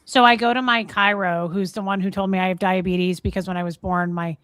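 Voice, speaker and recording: A woman co-hosting a casual podcast, spinning a long story in her own middle-pitched voice. She acts out the other people with lots of fillers, and the room sounds dry and close with no echo. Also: fairly even intonation, brisk, a bit bright, clear, resonant tone. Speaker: podcast co-host.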